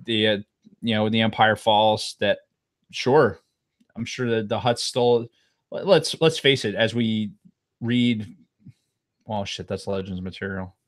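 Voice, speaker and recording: A man's voice: lowish voice, measured pace, long pauses, dry recording, clean studio sound. A man co-hosting a podcast, chatting casually in a rambling, profane, jokey way. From New Jersey. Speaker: podcast co-host. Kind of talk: casual chat.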